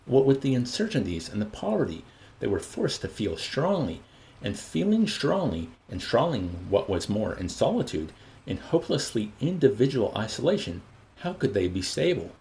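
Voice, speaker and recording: A man reading a novel aloud with an expressive, animated delivery. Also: mid-range voice, normal speed, gravelly, low-quality recording. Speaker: audiobook reader. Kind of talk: novel reading with voiced characters.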